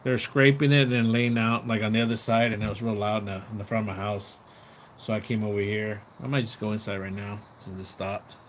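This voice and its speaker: A man's voice: lowish voice, steady tone, fairly quick, slight background noise. A man live streaming from outside his house, rambling in casual chat, repeating words and swearing when he gets riled up. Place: outdoors near his house.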